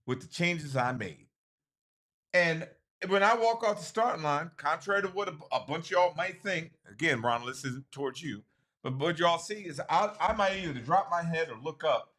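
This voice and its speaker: Animated, high-voiced man in heated talk. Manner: animated, profane, talks over others. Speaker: drag racer on a racing talk show. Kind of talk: heated casual chat.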